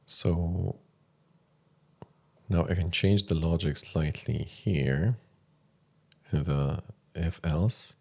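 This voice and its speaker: A man thinking aloud to himself as he writes code, low-key and halting, with frequent pauses and fillers. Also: vocal fry. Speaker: programmer streaming his coding. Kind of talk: thinking aloud while coding.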